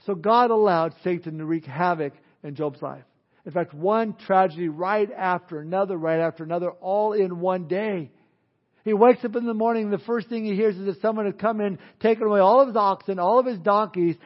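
High-voiced pastor preaching animatedly. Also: male voice, normal speed. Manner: animated storytelling with asides. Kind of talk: sermon. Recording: dull lo-fi sermon audio.

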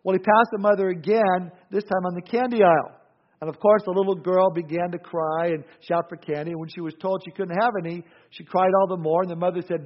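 A man's voice: sits high, fairly even intonation, a little fast. A man preaching a sermon as pastor, telling anecdotes with dry humor and often restarting words. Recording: dull lo-fi sound.

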